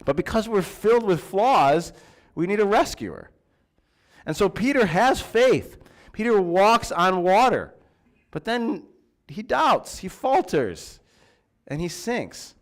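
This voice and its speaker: A man's voice: high-pitched, sing-song, slow pace. A man preaching a sermon in a church, in a conversational way with fillers and restarts. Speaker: pastor.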